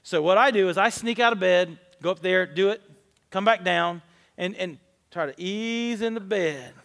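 Male pastor, 40s, high-pitched, candid storyteller with self-deprecating humor, long hall reverb. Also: normal speed, vocal fry, fairly bright tone. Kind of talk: conversational sermon.

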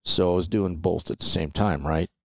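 A middle-aged man from Los Angeles, telling stories in a relaxed, chatty way and often tossing in "man" and "you know". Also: low-pitched, normal speed, gravelly, dry recording. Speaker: guest. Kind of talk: casual storytelling interview.

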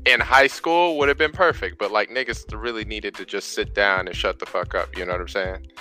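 A young man with a lowish but very bright, edgy voice leads a casual podcast chat and puts questions to the guests. Faint music sits behind him. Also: brisk. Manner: relaxed, asks the guests questions. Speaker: podcast host.

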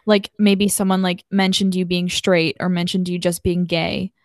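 Young woman, podcast co-host, chatty and animated, laughs a lot, dry close sound. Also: fairly low pitch, moderate pace, no echo. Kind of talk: casual chat.

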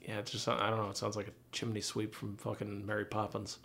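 A man's voice: fairly low pitch, monotone, fast, vocal fry, fairly bright tone, a little hiss or hum. A man in casual podcast conversation about movies, hesitant and filler-heavy, often trailing off. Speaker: podcast co-host.

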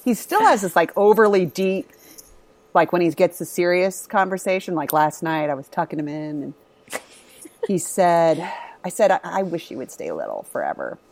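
A woman's voice: fairly low pitch, big pitch swings, normal speed, a little mellow. A woman in her thirties chatting casually and candidly about her kids, swearing freely. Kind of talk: casual chat.

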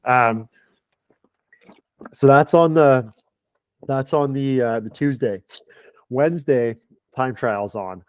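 A man's voice: medium pitch, slow, long pauses, clean tone, no room sound. A man on a podcast as a guest, a performance director, telling a long casual story full of "like". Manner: chatty, lots of filler "like".

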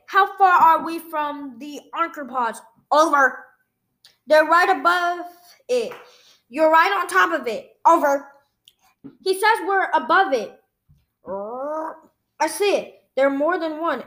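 High-voiced woman reading a story slowly. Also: fairly bright tone. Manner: reads out sound effects and dialogue alike. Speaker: storyteller reading a graphic novel aloud. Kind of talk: read-aloud storytelling.

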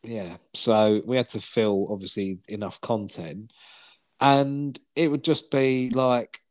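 A man's voice: lowish voice, takes it slowly. A man, co-hosting a podcast and telling rambling stories in casual chat, swearing now and then and acting out what people said. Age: 40s. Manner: rambling storyteller, swears, acts out quoted lines. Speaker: podcast co-host.

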